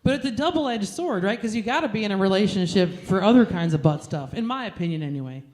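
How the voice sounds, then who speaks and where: A woman's voice: medium pitch, animated, fast, darkish tone. Brash, crude woman doing stand-up. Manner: brash, crude, self-mocking delivery. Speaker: stand-up comedian. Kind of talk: stand-up comedy set.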